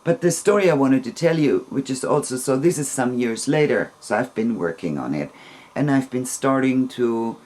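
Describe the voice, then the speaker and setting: A woman's voice: extremely low pitch, animated, moderate pace, a little mellow. A woman, telling a personal story to camera in a hesitant way, often restarting and searching for words. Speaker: vlogger.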